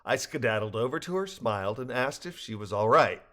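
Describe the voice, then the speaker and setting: An older man reads his own story aloud in an earnest, reflective way. His voice sits at an ordinary middle pitch, and soft laughs slip in now and then. He sounds sincere and thoughtful. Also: expressive, fairly quick. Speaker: narrator. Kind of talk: reading a personal story aloud.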